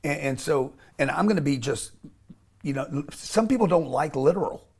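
A man's voice: fairly high pitch, animated, normal speed, gravelly, a little mellow, husky. Blunt, emphatic man talking in an interview. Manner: emphatic and blunt, with frequent restarts and casual swearing. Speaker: interview guest. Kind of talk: casual interview talk.

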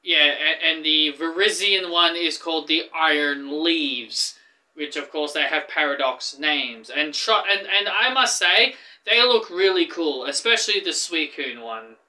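An eager man chatting through gaming news on his channel, tripping over his words and starting sentences again. His voice sits high and rings very bright and sharp. He sounds like he can barely contain his excitement. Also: a little slow. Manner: excitable and rambling, with frequent restarts. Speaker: gaming YouTuber. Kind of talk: casual gaming news vlog.

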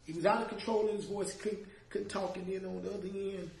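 A high-pitched middle-aged man tells a heartfelt story and voices each person he quotes. He sits back from the microphone in a reverberant room with a faint hiss behind him. The emotion builds and swells through his telling. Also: steady tone, brisk, gravelly. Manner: vivid storyteller, voicing the people he quotes, with rising emotional swells. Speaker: former music manager telling a story. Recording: echoey room, distant mic, faint noise.

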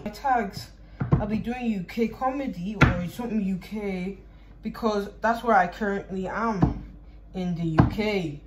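A woman's voice: mid-range voice, a little slow. A young woman from Ireland chatting casually in her home kitchen while baking, rambling, joking and swearing freely. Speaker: vlogger. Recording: noisy home recording.

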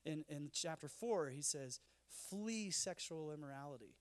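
A man's voice: on the high side, measured pace. A man, giving a conference talk full of self-deprecating humorous stories. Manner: animated, self-deprecating storyteller. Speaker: speaker. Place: conference stage.

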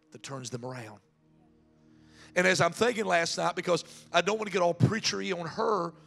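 Gravelly, high-voiced pastor preaching. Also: male voice. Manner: candid, emotional preaching that swings from hushed to shouting. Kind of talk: sermon.

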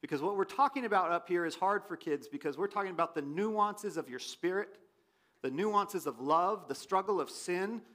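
A pastor preaching a sermon in a church, his voice swinging from loud questions to quiet asides. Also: sits high, expressive, normal speed. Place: church sanctuary.

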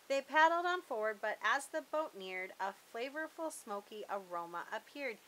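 A woman hosting a channel who reads a rhyming children's picture book aloud in a lively, sing-song way. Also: fairly high pitch, normal speed, few pauses, a little hiss or hum, poor audio. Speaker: storybook reader.

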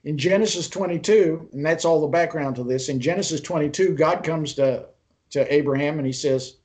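A man with a fairly high speaking voice leads an online Bible interpretation lesson. He retells the story at an easy pace, pausing and restarting his sentences, then turns to ask his students for their ideas. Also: a little mellow. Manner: unhurried storytelling, pauses and restarts mid-sentence; poses questions to the class. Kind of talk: online class lecture.

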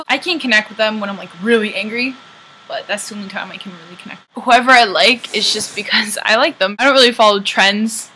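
A woman's voice: mid-range voice, brisk, pushed and bright, a little hiss or hum, low-quality recording. A Canadian woman vlogging to camera as a singer-songwriter, rambling through opinionated, joking asides in casual chat.

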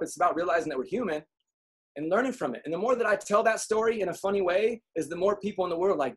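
A man giving a motivational talk to an audience, telling comic stories and acting out quotes in an animated way. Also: high-pitched, racing, husky. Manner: animated storyteller, acts out quotes. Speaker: speaker.

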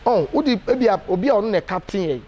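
A Ghanaian man giving an animated, emphatic casual interview, full of hesitation fillers. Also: high voice, fast talker, muffled recording. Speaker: interview guest.

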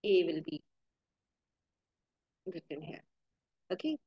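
A woman teacher giving a recorded grammar lesson, slowly reading out answers and dictating punctuation with care. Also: lowish voice, sing-song, lo-fi sound. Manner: slow, careful dictation of punctuation.

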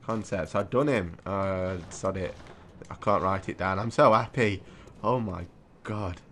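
A man's voice: sits low, measured pace, a bit bright, a little hiss or hum. A man giving live gameplay commentary for a let's play, chatting to himself as he plays and swearing mildly. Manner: chatty, talks to himself while playing, mild swearing.

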